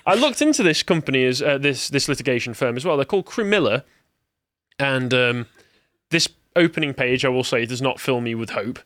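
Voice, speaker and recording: A man's voice: medium pitch, animated, fairly quick, fairly bright tone, no echo, clean studio sound. An English man co-hosting a podcast, chatting casually and sarcastically about news, reading quotes in mocking voices. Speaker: podcast co-host. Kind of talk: casual political chat.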